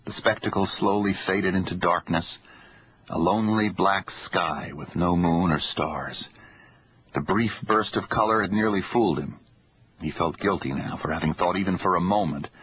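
A man narrating a suspense novel in a measured, even storytelling manner. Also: low-pitched, highs cut off, a little hiss or hum. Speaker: audiobook narrator. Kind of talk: scripted narration.

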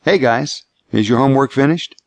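A man's voice: mid-range voice, moderate pace, creaky, no echo, voice pushed up, close to an everyday voice. A man voicing a cautious, tender father of a bullied son, speaking tentatively in an audiobook. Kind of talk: audiobook character voice.

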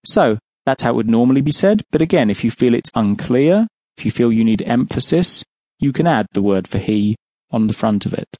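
A man's voice: mid-range voice, expressive, fairly quick, a little mellow, no echo. An English man teaching a language lesson on an audiobook, patiently explaining and then asking the listener to answer. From England.

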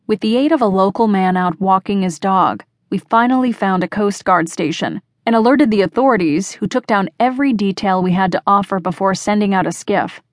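A woman narrating a first-person mystery audiobook in a measured, expressive reading voice. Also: mid-range voice, no echo, studio quality.

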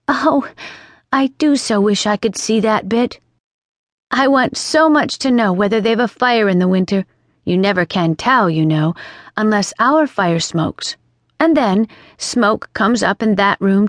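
A woman's voice: medium pitch, no room sound, lightly acted. A woman voicing a chatty, imaginative young girl in an audiobook, earnest and lilting. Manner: earnest, scolding and dreamy by turns, lilting. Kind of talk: audiobook character reading. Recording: dry studio sound.

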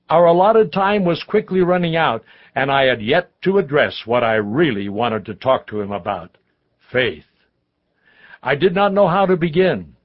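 A man reads a memoir aloud in a steady, measured first-person telling. His voice sits in the middle of the male range. The audiobook recording sounds somewhat dull and lo-fi. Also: mid-range voice. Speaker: audiobook narrator. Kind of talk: scripted narration of a memoir.

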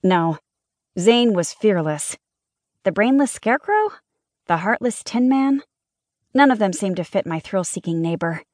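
A woman narrating a first-person mystery audiobook in a lively, wry storytelling manner. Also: mid-range voice, a little slow, long pauses, no echo, studio quality.

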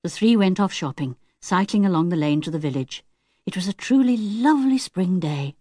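A woman narrating a children's audiobook in a clear, expressive storytelling manner. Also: medium pitch, dry recording, clean studio sound. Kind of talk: scripted narration.

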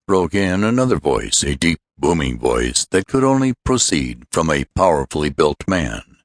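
A male audiobook narrator with a very deep voice, reading in a measured storytelling way. The sound is dry and close, with no room around it. He tells the story steadily for young listeners. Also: very animated, no echo. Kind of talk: scripted narration.

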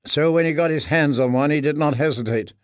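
A man narrates an audiobook in a measured, grave voice. His pitch sits a little high for a man. The recording is dry and close. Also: no room sound. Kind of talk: scripted narration.

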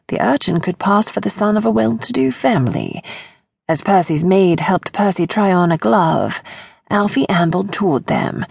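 Woman narrator, audiobook, slow measured pace, husky gravelly tone, lowish voice. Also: a little mellow, no room sound. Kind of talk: scripted romance narration.

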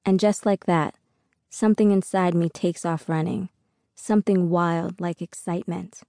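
A woman narrating a first-person audiobook in an unhurried, reflective way. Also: fairly low pitch, steady tone, mellow, dry recording, clean studio sound.

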